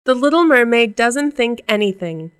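A woman narrating a storybook aloud in a calm, measured way. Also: a little high, clear, resonant tone.

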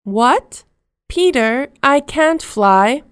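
A woman voicing the girl Wendy, kind and curious, in a gentle storybook reading. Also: high voice, expressive, drawn-out words, clean tone, no room sound, full character voice.

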